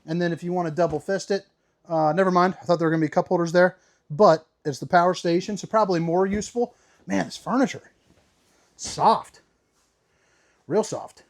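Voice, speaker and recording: A man's voice: a little high, steady tone, fast talker. Upbeat slangy man giving a tour. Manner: upbeat, playful, slangy, calls viewers baby. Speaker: RV tour host. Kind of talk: casual walkthrough tour. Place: inside a travel trailer.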